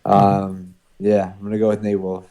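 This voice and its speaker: A man with a New England accent hosts a casual panel chat in a low register. His tone is mellow and soft-edged. He hesitates and fills pauses as he hands the floor to the others. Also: completely flat delivery. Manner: hesitant, filler-heavy, runs the picks. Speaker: podcast host.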